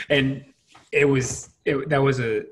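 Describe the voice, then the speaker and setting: A man with a bright, slightly husky voice tells profane stories from his service days. He talks loosely, with plenty of fillers and a laugh at the edges of his words. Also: mid-range voice. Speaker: Marine veteran interviewer. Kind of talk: casual chat.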